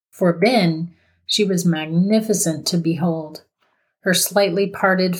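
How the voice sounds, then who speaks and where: Woman, horror story narrator, scripted reading, steady and measured, low-pitched.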